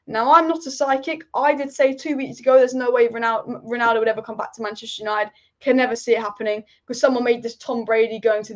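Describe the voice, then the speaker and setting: A woman with a high voice hosts a live football stream. She rambles with strong opinions and repeats her points for emphasis, and the audio is dull and lo-fi. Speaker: football channel host. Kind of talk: live-stream football chat reading viewer comments.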